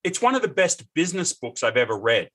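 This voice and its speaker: An Australian man in his fifties talks as a podcast guest, spinning lively, earnest anecdotes in a relaxed conversational way. His voice sits high for a man and has a bright, ringing edge. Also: fast, breathy edge. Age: 50s. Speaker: guest, business owner. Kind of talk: casual conversational storytelling.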